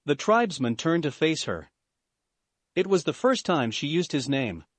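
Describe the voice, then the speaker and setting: Male storyteller, steady delivery, dry booth sound. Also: a little high, normal speed, no room sound. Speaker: fan fiction narrator. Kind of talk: scripted narration.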